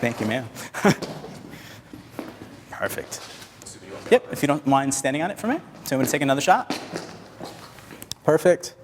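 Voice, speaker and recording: Male photography instructor, mid-pitch, casual and joking, live in a large reverberant hall with faint noise. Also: very animated, normal speed, long pauses. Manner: joking, chatty, directs assistants on set. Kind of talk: live photography workshop demo.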